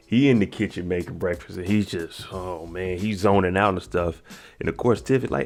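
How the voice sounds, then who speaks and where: A man casually recapping a TV episode, acting out the characters' lines in lively put-on voices. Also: deep voice, fast talker. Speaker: show recap host.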